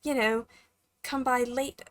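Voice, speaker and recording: A woman voicing an excitable young woman who would rather not show her face, talking in a bouncy, then soft and hesitant way. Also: fairly high pitch, takes it slowly, dry recording.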